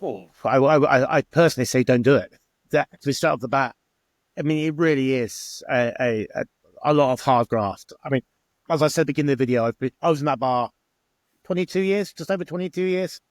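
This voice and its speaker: The middle-aged Englishman, once a bar owner, chats through stories in an interview and plays out the dialogue he's quoting. He talks fairly quickly in a mid-range voice, captured in a dry recording.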